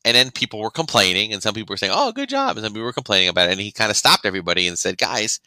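A man's voice: lowish voice, rapid-fire, pushed and bright, dry recording, poor audio. A man co-hosting a podcast in casual chat, rambling with frequent restarts and acting out other people's reactions. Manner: rambling, restarts often, acts out quoted reactions. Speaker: podcast co-host.

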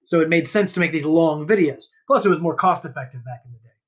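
A man's voice: a little high, animated, fast talker, husky, dull audio. A man co-hosting a podcast, chatting casually and explaining at length. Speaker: podcast co-host. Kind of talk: casual chat.

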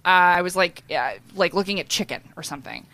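A woman in casual chat, telling stories in an animated, joking way with lots of "like" fillers. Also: lowish voice, fairly quick. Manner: animated, joking storyteller who acts out voices; frequent "like" fillers.

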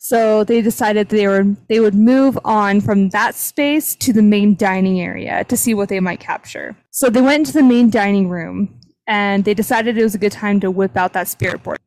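In a low-quality recording with no echo, a young podcast host speaks at a moderate pace, her medium-pitched voice slightly mellow. Her storytelling is chatty and casual as she relates a paranormal investigation, dotted with fillers like "like".

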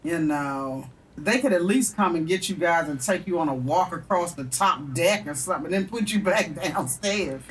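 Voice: medium pitch, normal speed, recorded from a distance, slight background noise. An interviewer who asks short questions and gives brief reactions in a casual chat.

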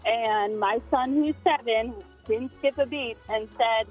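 Woman, radio caller, family anecdote, husky voice, slightly high, muffled phone line. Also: a little slow, soft background music. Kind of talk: telling a funny family story on air.

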